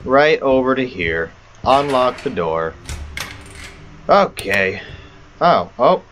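A man's voice: mid-range voice, very animated, slow, fairly bright tone, a little hiss or hum, low-quality recording. A man giving rambling, self-mocking let's play commentary on a horror game. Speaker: gamer.

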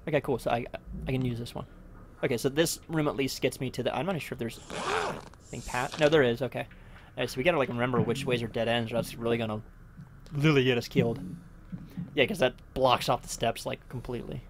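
A man's voice: medium pitch, steady tone, quick pace, noisy background. A young man nervously talking through a horror game as he plays, rambling and muttering to himself. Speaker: let's play host. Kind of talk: casual gameplay commentary.

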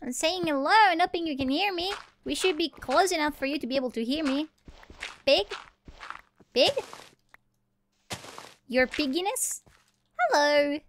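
A woman's voice: high voice, normal speed, pauses often, a little hiss or hum. Playful woman narrating her game. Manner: rambling, playful self-talk. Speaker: gamer playing solo. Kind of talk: let's play commentary.

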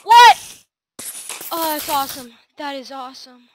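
A woman giving let's play commentary, excitable, shrieking and yelling at the screen. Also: high voice, a little slow. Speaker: gaming video host. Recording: loud noisy hiss under the voice.

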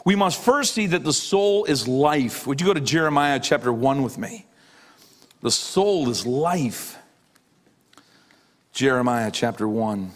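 A middle-aged man, a pastor, preaching a sermon with emphatic repetition, dropping low on key lines. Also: expressive, a little slow, long pauses.

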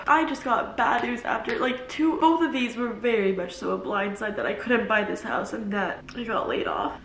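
A young woman talking through tears in a confessional vlog, halting and full of fillers. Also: a little high, expressive, a bit bright. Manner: halting, many fillers and restarts. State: tearful, crying on and off. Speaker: vlogger. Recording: roomy echo from a distance, faint noise.

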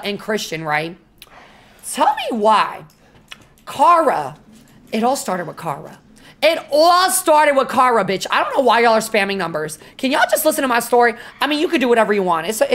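A young woman streamer telling a story to her chat, animated and full of swearing and fillers. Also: on the high side, brisk. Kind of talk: casual storytelling to a live chat.

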